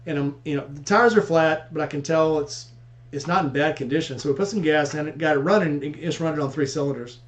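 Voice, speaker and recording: A man who fixes motorcycles as a hobby rattles off his stories at a quick clip in a casual chat, voicing each person's lines as he goes. His voice sits a touch high for a man. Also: highs cut off. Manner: rapid storyteller acting out dialogue.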